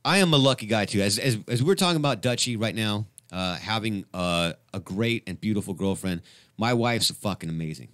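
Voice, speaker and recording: A middle-aged man hosting a live radio show, rambling and excitable, with many restarts. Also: fairly low pitch, brisk, no echo, clean studio sound. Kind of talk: casual live radio chat.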